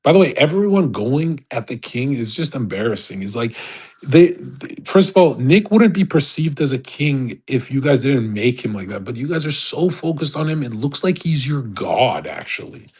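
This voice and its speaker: Male streamer, husky voice, mid-pitched, casual profane rant with frequent laughs. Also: very animated, normal speed, darkish tone. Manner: profane, rambling, laughs often. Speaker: livestreamer. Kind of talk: casual ranting monologue.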